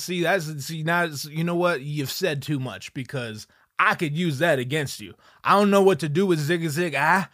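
A man telling a comedic story at his desk, profane and animated, acting out the people in it. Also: a little high, moderate pace, no room sound, studio quality. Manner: animated, profane, acts out voices.

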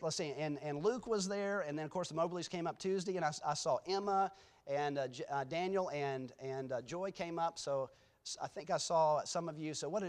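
A man speaking as a guest preacher in a church, telling rambling, self-deprecating stories with many restarts before his sermon. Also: fairly high pitch. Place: church sanctuary.

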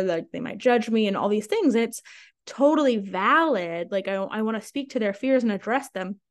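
A young woman hosting her own podcast, talking frankly and chattily with lots of fillers and casual swearing. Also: on the high side. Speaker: sales coach and podcast host. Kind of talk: casual solo podcast monologue.

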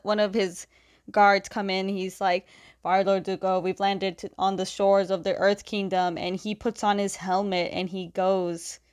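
A woman casually retelling the scenes of a comic, quoting the characters' lines with fillers and quick self-corrections. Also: mid-range voice. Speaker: comic recap host. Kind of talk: casual story recap.

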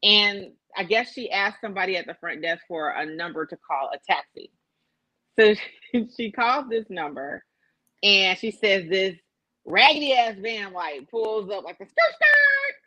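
A woman's voice: mid-range voice, lively intonation, measured pace, sharp tone, dry recording, poor audio. A woman co-hosting a casual podcast, telling a gossip story with lots of profanity, quoted voices and laughter. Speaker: podcast co-host.

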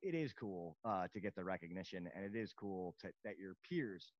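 A man's voice: deep voice, animated, moderate pace, dry recording. A man hosting a podcast in casual chat, blunt and joking, swearing now and then. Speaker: podcast host. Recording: dull dry lo-fi sound.

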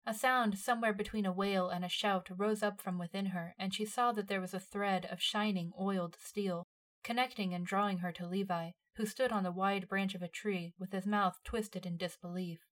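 A woman narrating a dramatic story in a measured, expressive reading voice. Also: medium pitch. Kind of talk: storytelling narration of fan fiction.

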